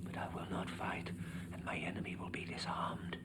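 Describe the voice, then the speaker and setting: An actor playing a tormented young male dancer sliding into madness, delivering a film voice-over monologue in a hushed, often whispered voice that breaks into far-off shouts. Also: lowish voice, big pitch swings, a little slow, very noisy. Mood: haunted whisper.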